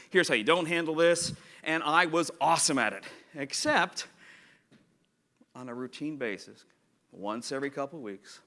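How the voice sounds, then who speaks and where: A man giving a conference talk with slides, animated and playful, acting out little quotes and scenes. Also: a little high. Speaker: conference speaker. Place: conference room.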